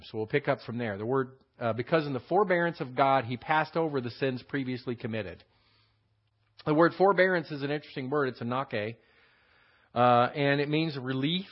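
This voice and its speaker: A man teaching a verse-by-verse Bible study, explaining words and asking rhetorical questions with many fillers. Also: mid-range voice. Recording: dull lo-fi sound.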